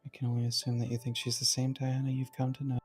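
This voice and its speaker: A calm, composed male guide from the dream world, voiced by a friend reading a visual novel aloud. He speaks in a measured, slightly formal way at an even middle pitch, with no hurry in his voice. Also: faint music behind, close to an everyday voice.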